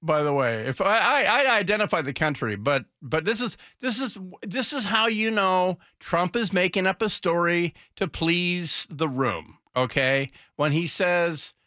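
A man hosting talk radio mocks politicians in sarcastic, offhand commentary. His voice sits a little high and sounds bright and forceful. It is recorded dry and close. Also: animated, unhurried, hardly any pauses, no echo. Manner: sarcastic, mocking.

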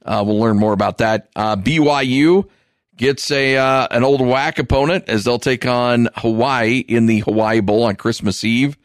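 A man's voice: mid-range voice, steady tone, moderate pace, no room sound, clean studio sound. A man co-hosting a sports podcast in an amused, conversational way, leading into the next topic. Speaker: co-host.

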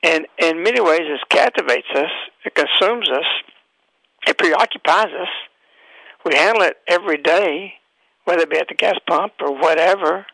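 A man's voice: a little high, normal speed, creaky, sharp tone, no echo, rough recording. A man hosting a radio talk show, delivering an emphatic, preachy monologue full of rhetorical questions.

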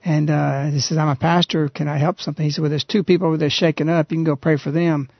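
A man hosting a radio talk show, earnestly retelling a story in a halting, conversational way. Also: a little high, little pitch movement, gravelly, no room sound. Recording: dull, lo-fi radio recording.

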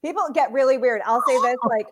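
A woman co-hosting a podcast, her voice sitting a little high. She speaks bluntly and sardonically, with strong opinions, in relaxed chat. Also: quick pace. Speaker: podcast co-host. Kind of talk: casual chat.

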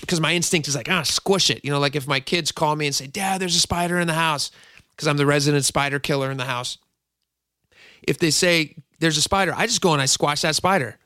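A man's voice: a little high, fairly bright tone, dry recording, studio quality. A middle-aged man hosting a radio show, telling a long rambling story with many asides. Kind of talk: casual talk radio monologue.

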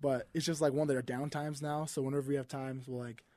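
Fast-talking young man, jokey and quick. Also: medium pitch, little pitch movement, warm tone, dry recording. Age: young adult. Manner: rapid, laughing and joking. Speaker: guest, college football player. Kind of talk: casual podcast chat. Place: studio.

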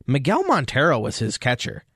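Animated man telling baseball stories. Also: medium pitch, moderate pace, slightly rough, dry recording, studio quality. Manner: animated storytelling, acts out quotes. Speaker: podcast co-host. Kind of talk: casual sports chat.

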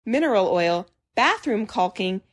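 A woman's voice: mid-range voice, measured pace. Laughing young woman telling funny stories. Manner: animated, laughing storyteller who acts out quotes. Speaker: podcast co-host. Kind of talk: casual chat.

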